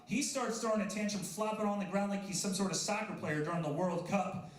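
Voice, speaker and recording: Speaking fast in a high voice, a thirtysomething man performs stand-up comedy at a coffee house in front of a live crowd. He pokes fun at himself and banters with the audience, captured with the roomy sound of a live venue.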